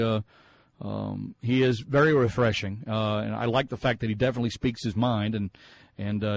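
A man's voice: medium pitch, a little mellow, no echo, low-quality recording. Chatty man hosting sports talk radio. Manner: chatty, musing, frequent fillers and restarts. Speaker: radio show host.

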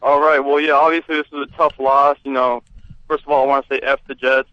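A man's voice: mid-range voice, flat delivery, fast talker, no room sound. A man from the Chicago area calling in to a radio show, talking ruefully at length. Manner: rueful, talkative. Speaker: caller. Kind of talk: phone-in call. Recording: muffled call-in line.

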